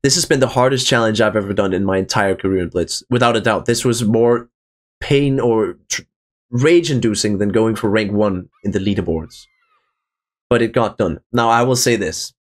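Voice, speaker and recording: A young man commenting on his own gameplay, excited and swearing, calling his viewers boys and guys. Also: lowish voice, moderate pace. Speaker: gaming channel host. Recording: faint music in the background.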